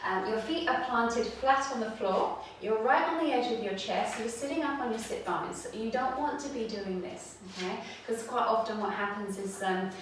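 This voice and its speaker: A woman yoga instructor calmly guiding a seated chair yoga routine, cueing breath and movement step by step. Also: mid-range voice, slight background noise. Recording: very echoey room, mic far off.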